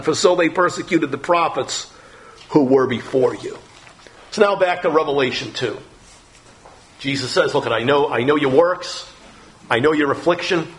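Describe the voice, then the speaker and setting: A man's voice: a little high, fairly bright tone. A man preaching a sermon, reading scripture aloud and explaining it verse by verse, with frequent fillers and restarts.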